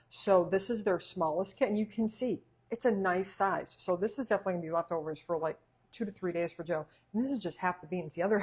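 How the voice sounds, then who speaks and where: Woman, cooking-stream host, low voice, chatty, laughs a lot. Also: a little mellow. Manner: chatty, laughs often, talks while eating. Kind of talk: casual livestream chat.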